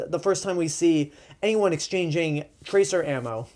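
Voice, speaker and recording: A man's voice: fairly high pitch, expressive, moderate pace, hardly any pauses, darkish tone. A man giving casual, opinionated movie reviews, chatty and loose, with frequent ums and likes.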